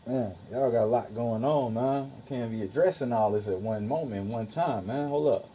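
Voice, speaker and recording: A man's voice: medium pitch, normal speed, warm tone, slight background noise, low-quality recording. A young man casually livestreaming, arguing with his chat in a profane, dismissive way.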